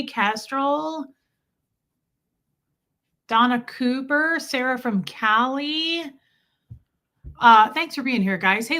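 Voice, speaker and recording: Bright-voiced woman hosting a livestream. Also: on the high side. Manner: chatty, warm greetings, frequent laughs. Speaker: livestream host. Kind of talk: casual livestream chat greeting viewers. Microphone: streaming setup mic.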